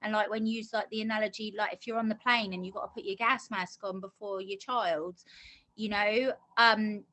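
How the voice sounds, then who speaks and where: Bright-voiced earnest woman telling her story. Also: medium pitch, steady tone, normal speed. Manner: earnest, talkative storytelling with many restarts. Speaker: course graduate being interviewed. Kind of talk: casual interview.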